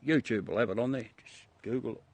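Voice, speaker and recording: Aussie bloke mid-age, joking around live w viewers, laughs a lot, swears a bit. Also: male voice, medium pitch, quick pace, darkish tone. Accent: Australian. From Australia. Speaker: livestream host showing the moon through a telescope. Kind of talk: casual live chat with viewers.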